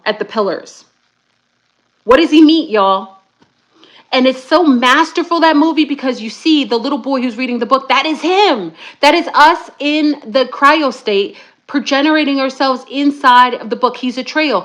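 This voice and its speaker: A middle-aged woman talks casually to her online audience in a fairly high voice. She is chatty and animated and keeps calling her viewers y'all. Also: moderate pace. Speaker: YouTube spiritual talk host. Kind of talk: casual livestream talk to viewers.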